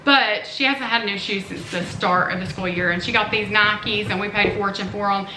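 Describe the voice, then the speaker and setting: A woman's voice: medium pitch, fairly even intonation, normal speed, sharp tone. A middle-aged woman chatting casually and earnestly to her vlog audience as a mother, with rambling asides. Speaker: family vlogger, mother. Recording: roomy echo, faint background noise.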